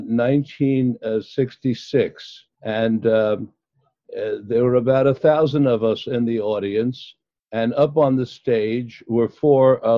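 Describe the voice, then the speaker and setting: An older man, a psychologist guest, recounting his past in an interview with many pauses and fillers. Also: medium pitch, no echo. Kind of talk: storytelling in an interview. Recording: dull, dry lo-fi sound.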